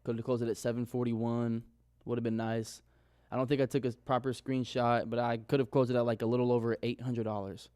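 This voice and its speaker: Young male vlogger, candid rambling recap, smooth clear voice, dry close sound. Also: mid-range voice, little pitch movement, fairly quick, a little mellow, no room sound. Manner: candid, rambling, swears casually. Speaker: forex trader vlogger. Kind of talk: casual screen-share recap.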